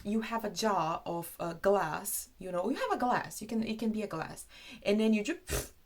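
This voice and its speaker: A young Brazilian woman whose first language is Portuguese, teaching British expressions in a chatty, animated video lesson. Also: mid-range voice, normal speed, heavy background noise. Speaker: English teacher.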